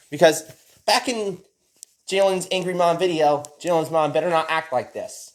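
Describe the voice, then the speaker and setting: A man's voice: on the high side, moderate pace. A young man narrating a rambling, repetitive fan-made story and reading out every character's lines himself. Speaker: narrator voicing all characters.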